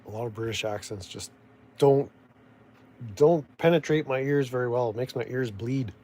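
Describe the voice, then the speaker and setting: A man's voice: medium pitch, moderate pace, dark tone. A man with a Canadian accent giving rambling, sardonic casual commentary, often restarting and losing his thread. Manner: meandering, sardonic, full of restarts and trailing thoughts. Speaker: vlogger.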